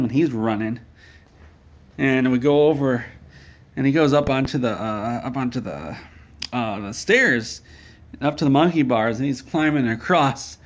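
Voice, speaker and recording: A man at a middle pitch who tells an absurd comic story in a flat, deadpan way. His voice sounds dull and a little muffled, as if the recording cut off the highs. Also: unhurried. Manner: deadpan with mock ad plugs. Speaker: comedic storyteller.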